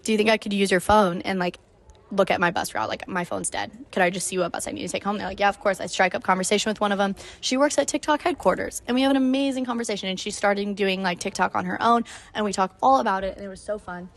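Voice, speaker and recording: Speaking quickly at a medium pitch with fairly even intonation, a woman of nineteen hosts her own podcast. She tells a story casually, leaning heavily on "like" and acting out what people said.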